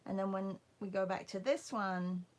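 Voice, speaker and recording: A woman's voice: medium pitch, moderate pace, a little mellow. A woman hosting a casual livestream art class, chatting with viewers and greeting them by name, sometimes dropping into a whisper.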